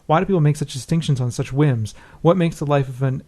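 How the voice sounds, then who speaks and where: Guy cohosting a podcast, talks quick, reads out emails, casual. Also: on the high side, dark tone. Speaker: podcast co-host.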